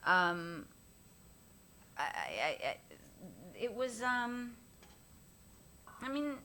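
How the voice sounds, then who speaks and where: Speaking extremely slowly in a slightly high voice, a middle-aged woman shares casual stories as the guest actress at a live Q&A. Her manner is lively: she laughs a lot and performs the voices of the people she's quoting.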